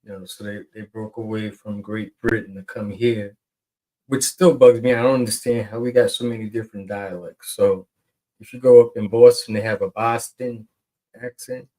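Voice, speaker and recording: Man, podcast co-host, low voice, rambling, teasing. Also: fairly even intonation, normal speed, mellow, poor audio. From New York. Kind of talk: casual chat.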